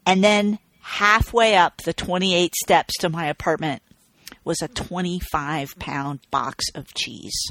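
A woman co-hosting a casual podcast, telling stories in an animated way, swearing and venting as she goes. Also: lowish voice, slow, no echo. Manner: animated, profane storyteller who vents with laughs. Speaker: podcast co-host.

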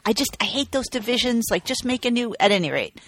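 A woman co-hosting a casual podcast, telling stories in an animated way, swearing and venting as she goes. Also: fairly high pitch, fast talker, no room sound. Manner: animated, profane storyteller who vents with laughs. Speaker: podcast co-host.

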